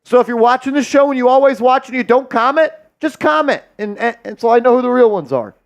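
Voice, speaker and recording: A man hosting a live sports watch-party stream, hyped and loud as he shouts out viewers' donations and calls the game. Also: very high voice, animated, fast talker.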